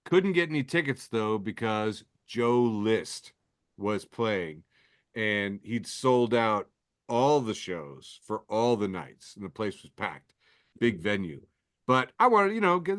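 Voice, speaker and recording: A man's voice: fairly low pitch, big pitch swings, unhurried, fairly bright tone, no echo. A man co-hosting a casual comedy podcast, telling anecdotes in a laid-back way with dry asides. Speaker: podcast co-host. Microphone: remote call mic.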